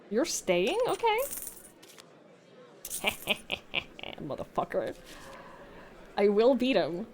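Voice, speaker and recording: Extremely slow with long pauses, her mid-range voice swings hugely in pitch. She's a woman streaming and narrating her own play, talking to the game, swearing, laughing and thinking aloud between moves as she goes from mutters to yells.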